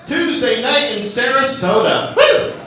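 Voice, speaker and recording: A man's voice: fairly high pitch, sing-song, a little fast, sharp tone, soft background music. A man doing loose, profane stand-up comedy and teasing the crowd as host of a live open mic. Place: comedy club. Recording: echoey club, far from mic, audience noise.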